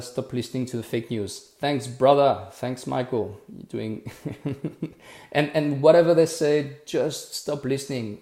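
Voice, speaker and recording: Earnest man, gravelly roomy livestream. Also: mid-range voice, mellow. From France. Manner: earnest, repetitive restarts, says "okay" and "bro" often. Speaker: activist hosting a live Q&A. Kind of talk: casual livestream talk answering viewer comments.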